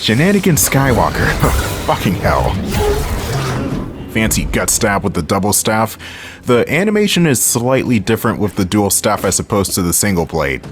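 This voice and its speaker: A man from the Philadelphia area, with a voice on the low side, hosts a let's-play at a normal speed, very animated. His commentary is casual and wry, full of jokes to himself and the occasional swear word, spoken in a Philadelphia accent over faint game music.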